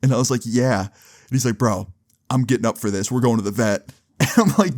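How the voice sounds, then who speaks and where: Young male vlogger, mid-pitched, rattling off a funny story in loose casual slang. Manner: animated, slangy, fast retelling with lots of "like" and "dude".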